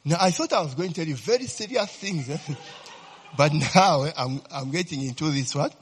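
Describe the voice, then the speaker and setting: A man's voice: fairly high pitch, expressive, brisk, slightly rough. A middle-aged man with a Ugandan English accent gives a rambling, joking talk to an audience. He often laughs, teases his listeners and quizzes them as he goes. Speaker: speaker addressing an audience. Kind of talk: informal talk to a crowd.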